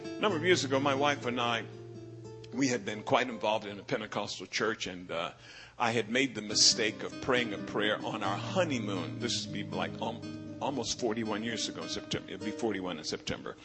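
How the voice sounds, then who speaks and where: A bishop in his sixties telling a personal story in a sermon, animated and imitating other preachers' drawling catchphrase. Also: lowish voice, a little fast, music in the background.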